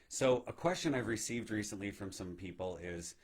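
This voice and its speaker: A man giving a gentle, reflective spiritual teaching talk on meditation, often checking in with "right?". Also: lowish voice, expressive, moderate pace, husky. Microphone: live video stream.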